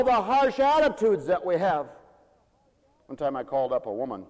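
A male preacher with a high voice that leaps all over the place, telling folksy stories in a sermon. His animated delivery rings out with a long hall reverb. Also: normal speed.

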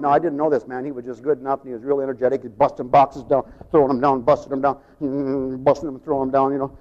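An older man preaching a sermon as pastor, telling folksy stories, acting out voices and rising to shouts. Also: mid-range voice, little pitch movement, fast talker, few pauses. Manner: folksy storytelling, acts out voices, rises to shouting. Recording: dull lo-fi sound with long hall reverb.

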